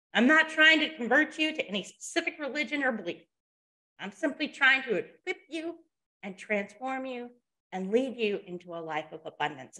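A woman's voice: fairly high pitch, fairly bright tone. A woman presenting a motivational webinar, talking conversationally and checking in with her listeners as she tells a story.

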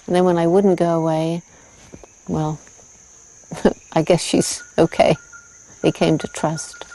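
A woman's voice: fairly low pitch, flat delivery, slow, dark tone, low-quality recording. A woman in her seventies, interviewed outdoors in a forest, who laughs often as she tells stories. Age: 70s. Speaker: interviewee, primatologist. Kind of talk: casual interview answers.

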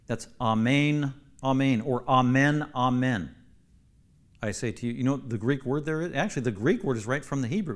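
A pastor leads a Bible class in a medium-pitched voice, speaking emphatically. He repeats key phrases for stress and puts questions to the class.

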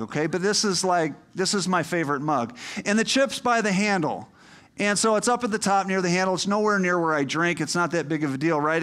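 With a high, light and fairly bright voice, a middle-aged minister gives a sermon that treats the congregation like friends. Asides and questions lead him up to passionate, emphatic appeals.

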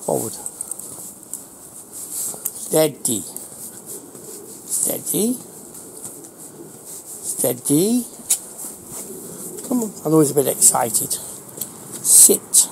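A middle-aged man with a Northern English accent training his dog outdoors in a casual vlog, calling out short commands and praise. His delivery is slow, with pitch that swings widely, and his voice has a mellow, dark tone. Faint outdoor noise sits behind him. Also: very animated, creaky, poor audio. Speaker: dog owner vlogger.

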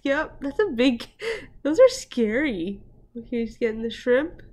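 Woman, reaction host, higher voice, slow easygoing delivery, exclaims and laughs a lot. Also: expressive, darkish tone. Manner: chatty, exclaims and laughs often. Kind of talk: casual reaction commentary. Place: at home with her dogs nearby.

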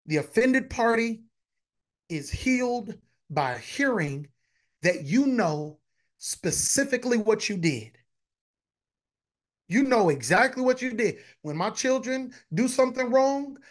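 A man's voice: high-pitched, lively intonation, unhurried. A man, a pastor preaching a conversational sermon, repeating phrases and talking to his congregation directly.

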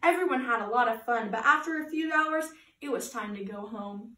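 A woman reading a storybook aloud to children as a party entertainer, animated and adding chatty asides. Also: fairly high pitch, normal speed. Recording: echoey room, voice from a distance.

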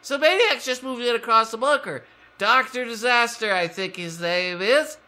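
A timid bunker dweller reciting his diary entries in a meek, deadpan way. His tone stays bright and clear, with nerves just under the surface, as a man voices him. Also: very high voice, normal speed, full character voice.

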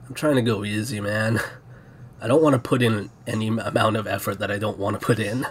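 A man's voice: lowish voice, steady tone, brisk, breathy edge. A man casually commentating a video game, joking and sarcastic, with muttered asides. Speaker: gameplay commentator.

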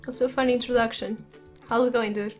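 Giggly high-voiced woman playing a game. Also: steady tone, quick pace, faint music behind. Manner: giggly, chatty, reacts aloud to the game. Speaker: gaming YouTuber. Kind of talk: let's play commentary. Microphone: desk USB microphone.

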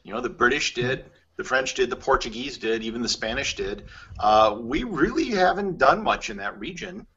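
A man's voice: medium pitch, lively intonation, moderate pace, pushed and bright, breathy edge. A man hosting a travel podcast in casual conversation, thinking aloud with plenty of fillers as he goes. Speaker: podcast host. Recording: slightly muffled audio.

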